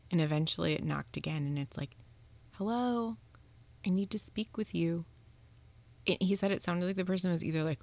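A woman podcast host telling a ghost story in casual chat, animated and swearing freely, acting out the voices she quotes. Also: low voice, gravelly.

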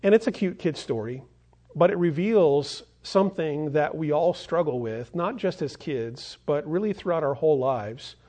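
A man's voice: on the high side, lively intonation, normal speed, dark tone. A male pastor preaching a sermon in an earnest storytelling manner, streamed online.

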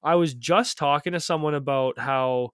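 A man's voice: on the high side, moderate pace, a bit bright, clear, resonant tone, no room sound. Rambling young man, dry close mic. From Calgary, Canada. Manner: rambling, lots of "like" fillers, irritated storytelling. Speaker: podcast co-host. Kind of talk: casual chat.

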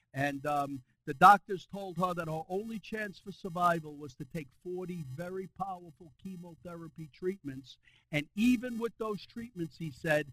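Male pastor, sermon delivery, very high and bright, storytelling that swells into fervent preaching. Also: poor audio. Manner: storytelling that builds to loud, high-pitched preaching.

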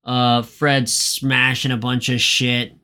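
A man with a bright, mid-pitched voice rambles through a story recap on a casual podcast. He swears freely and drops into quick voices as he goes. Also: little pitch movement. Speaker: podcast co-host. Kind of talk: casual chat.

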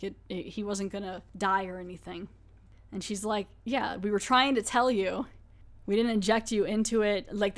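A woman podcast host giving a rambling, chatty recap of a TV episode and laughing often. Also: mid-range voice.

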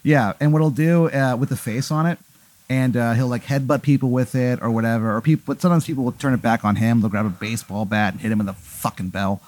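A man's voice: mid-range voice, fairly even intonation, fast, darkish tone, dry recording. A man hosting, playfully laying out an improvised comic scenario and acting out voices.

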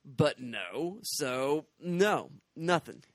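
Weary, deadpan male podcast co-host; slightly high voice, dry recording. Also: drawn-out words, no room sound. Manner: weary, deadpan, repeats himself. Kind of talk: casual movie review chat.

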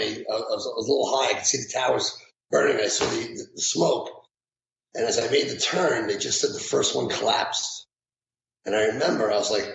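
A middle-aged man with a gravelly voice tells his memories in a halting way, restarting and repeating words. The sound is echoey. Faint background noise sits under it. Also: mid-range voice, fairly bright tone. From New York. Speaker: retired firefighter guest. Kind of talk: emotional interview recollection.

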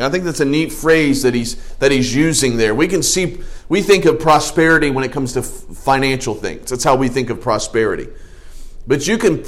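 A man, a pastor, preaching a casual, folksy sermon full of jokes, asides and restarts. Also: medium pitch. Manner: folksy, joking, conversational preaching with many restarts.

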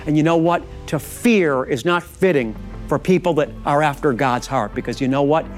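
A man's voice: on the high side, normal speed, soft background music. A man preaching a fervent sermon, leading listeners in bold declarations of prayer and calling them beloved. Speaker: rabbi preaching.

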